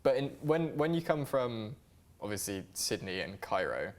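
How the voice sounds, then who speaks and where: A young man, relaxed and chatty, asking questions on a casual podcast. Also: fairly low pitch, moderate pace. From Somerset, England. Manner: relaxed, laughs, many fillers like "like". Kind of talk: casual chat.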